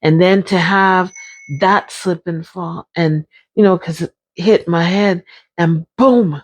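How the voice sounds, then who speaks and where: Woman, unhurried, emphatic, repeats herself, low voice. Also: fairly even intonation. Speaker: brain injury survivor sharing her experience. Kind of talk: personal vlog talk.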